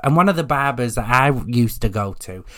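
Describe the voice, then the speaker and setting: A man's voice: medium pitch, animated, a little fast, fairly bright tone. A man hosting a podcast, talking in a chatty, jokey way and swearing freely. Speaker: podcast host. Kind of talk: casual solo podcast chat.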